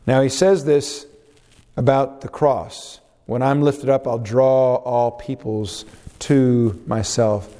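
A man's voice: steady tone, slow, dark tone. Preaching man in an echoing hall. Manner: swings pitch widely, drops low on quotes, rises on questions. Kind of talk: sermon. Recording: long reverb of a large hall.

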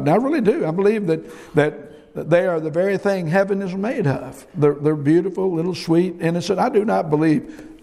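A man's voice: on the high side, gravelly, warm tone. A middle-aged man preaching a sermon, emphatic and folksy, often repeating his words. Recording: long hall reverb.

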